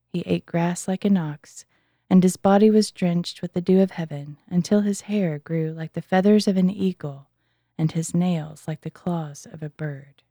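A woman reading scripture aloud in an earnest, measured way. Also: lowish voice, dark tone, no room sound, studio quality. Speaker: scripture reader. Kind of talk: Bible reading.

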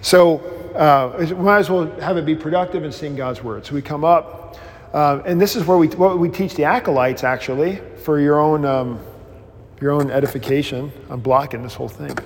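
A male pastor teaching a new member class, informal and rambling, with animated storytelling, many restarts and self-deprecating humor. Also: fairly high pitch, normal speed, in a large hall.

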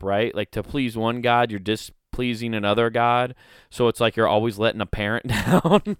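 A man's voice: mid-range voice, moderate pace, clean tone, no echo, clean studio sound. A young man vlogging in a casual, rambling, jokey way, riffing into comic bits. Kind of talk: casual comedic commentary.

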